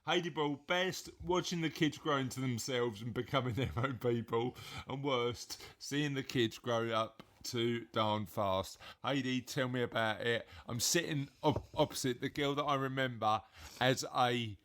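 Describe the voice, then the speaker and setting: A man hosts a relaxed chat podcast, reading listener replies aloud with a joking, rambling delivery. His voice is bright and forceful at an average pitch. He chuckles through the punchlines and wanders off on asides. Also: a little slow. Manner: jokey, rambling, laughs at his own readings. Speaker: podcast host; father of co-host.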